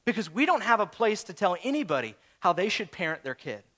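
A young man preaching a sermon as a pastor, animated and acting out quoted voices, swinging from calm talk to shouting. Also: high-pitched, fast talker. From St. Louis area, USA.

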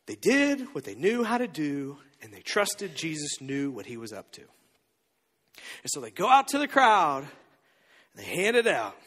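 A man in his thirties preaching a sermon, telling the story with lively, acted-out voices. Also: fairly high pitch, measured pace, husky, long reverb tail. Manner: animated storytelling, acting out the disciples' voices. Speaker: pastor.

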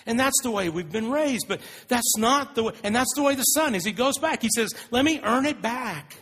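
A man preaching a sermon, retelling stories in an earnest, animated way. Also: very high-pitched, brisk, husky. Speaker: pastor. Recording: long reverb of a large hall.

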